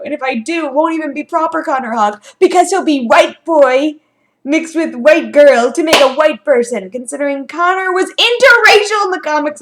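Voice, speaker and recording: High-voiced excitable young woman. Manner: excitable, sarcastic fan banter. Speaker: trailer reactor. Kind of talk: casual reaction commentary.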